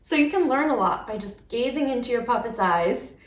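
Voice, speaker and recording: A woman's voice: fairly high pitch, expressive, fairly quick, echoey room. A woman teaching puppet-making to children, playfully demonstrating different voices as she explains. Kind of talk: instructional video for kids.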